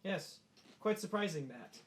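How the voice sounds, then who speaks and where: A man voicing a smooth, falsely polite male official in a tabletop game. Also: high voice, animated, unhurried, pitched above the performer's own voice.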